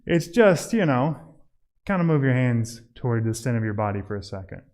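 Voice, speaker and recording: Animated man coaching church outreach. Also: mid-range voice, brisk. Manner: animated, acts out doorstep scenes with a raised voice; admits he mumbles when tired. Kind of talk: casual training talk to a church group. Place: church hall.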